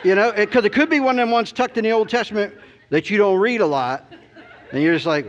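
A man's voice: sits high, animated, fairly quick. A middle-aged man preaching by telling a story about himself, rambling and self-deprecating, with many "you know"s. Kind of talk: storytelling sermon.

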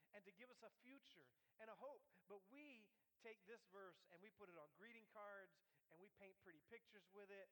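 Guy pastor in his 40s preaching, kinda high voice, chatty and earnest, keeps asking right? amen?. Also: a bit bright, rough recording. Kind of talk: sermon.

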